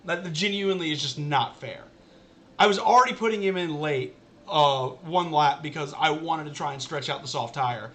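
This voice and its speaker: A man streaming a game for his chat, his voice high and bright with a forceful edge. He rants in an exasperated, casual way and keeps circling back to the same complaint. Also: moderate pace. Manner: exasperated ranting, repeats himself. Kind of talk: casual live-stream commentary.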